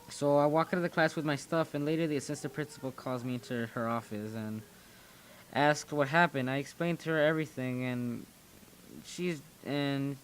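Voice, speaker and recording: A teenage boy talks straight to his viewers about his school days. He rambles and often restarts his sentences, in a voice of middle pitch. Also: a little hiss or hum. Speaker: channel host. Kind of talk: casual storytelling commentary.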